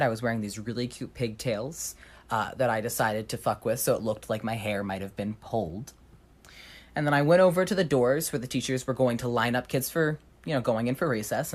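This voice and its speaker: A young woman telling a storytime in a dry, sardonic way, acting out the voices she quotes. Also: rumbling low. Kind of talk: storytime narration over slime video.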